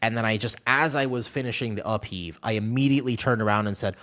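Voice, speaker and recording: A man's voice: lowish voice, fast talker, hardly any pauses, fairly bright tone. A man streaming a game, chatting casually and rambling while answering his chat.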